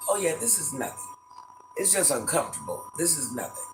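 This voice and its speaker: A man's voice: a little high, big pitch swings, brisk, music in the background, poor audio. A man live-streaming and reading viewer comments in casual chat, sassy, calling viewers baby and repeating himself, a little stuffy from allergies. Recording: loud background noise, air conditioner hum.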